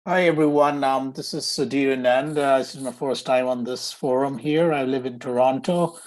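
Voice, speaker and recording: A man, a management consultant, introducing himself in a measured, slightly hesitant way on a video call. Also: medium pitch, fairly even intonation.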